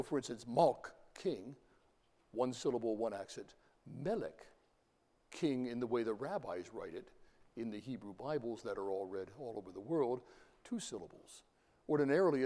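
A man's voice: medium pitch, warm tone. A man giving an informal lecture, talking in a rambling way with fillers and repeated words. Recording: long hall reverb.

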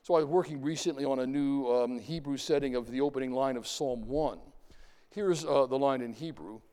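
Man, university lecturer, mid-pitched voice, lively classroom delivery, reverberant lecture hall. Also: a little fast, clean tone. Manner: lively, talks to class, chants and sings examples.

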